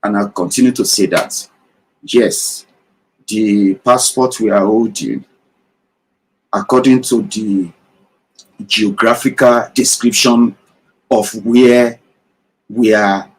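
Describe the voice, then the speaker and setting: In a rough recording, a Nigerian-accented man at medium pitch delivers fervent political commentary as a broadcast host. He presses his points emphatically, repeats them, and questions his listeners directly.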